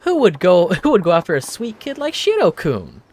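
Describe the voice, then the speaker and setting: A man's voice: high voice, wildly swooping pitch, normal speed, a little mellow, voice pushed up, exaggerated voice. A man voicing a chatty, cheerful young woman who gossips in a friendly way and giggles as she talks. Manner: bubbly, giggly, talkative.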